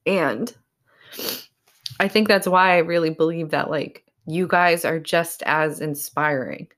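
A woman from Massachusetts hosts her own podcast in a casual ramble. Her voice sits very low, and she talks through tears, choked up, filling pauses with "um" and "like". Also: a bit bright. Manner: emotional, choked up, rambling with many fillers. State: tearful. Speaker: podcast host. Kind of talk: casual solo podcast talk.

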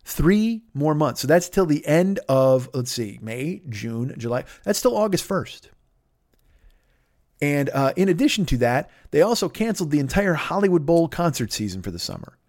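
A man's voice: fairly high pitch, sing-song, moderate pace, darkish tone, dry recording, studio quality. A man hosting a comedy podcast, ranting with sarcasm and heavy swearing and acting out other people in put-on voices. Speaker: podcast host. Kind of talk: profane comedic rant.

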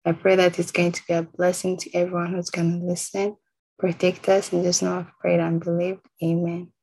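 Woman with a low voice, chatty church teaching. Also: completely flat delivery, brisk, gravelly, dark tone, breathy edge. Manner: chatty, laughs often, many fillers like "like" and "you know". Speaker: Christian youth teacher. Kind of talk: informal church teaching talk.

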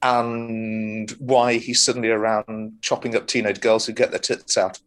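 Low-voiced man rambling through a review. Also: flat delivery, unhurried. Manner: rambling, many ums and restarts, swears. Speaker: podcast co-host. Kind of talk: casual film review chat.

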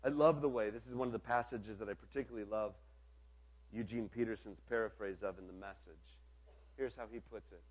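A man preaching an earnest storytelling sermon, dropping to a soft low voice on key lines. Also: fairly quick.

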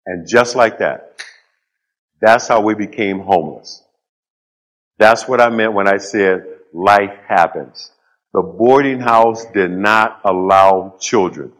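A middle-aged man giving a motivational storytelling speech on stage before a live audience, in short punchy phrases with dramatic pauses and dry humor. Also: lowish voice, fairly bright tone. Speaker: public speaker.

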